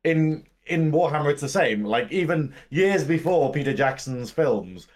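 A man's voice: a little high, animated, moderate pace. A man, a podcast guest chatting casually, joking and drifting into silly tangents.

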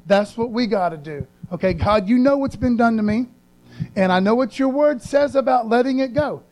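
A man's voice: very high voice, lively intonation, normal speed, darkish tone. A man preaching a sermon as pastor in a casual, earnest way, using slang and repeating phrases for emphasis.

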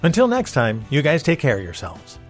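A man's voice: a little high, huge pitch swings, brisk, over music. A man hosting a casual solo podcast, talking in a wry, exasperated way. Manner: wry, exasperated complaining about movie cliches. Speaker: podcast host.

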